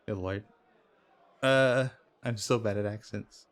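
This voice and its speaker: A man playing a dice game in a video game, commenting casually and reacting loudly to close calls with laughs and swearing. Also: lowish voice, moderate pace. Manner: reads in-game dialogue aloud in plain voice. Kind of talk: casual let's play commentary.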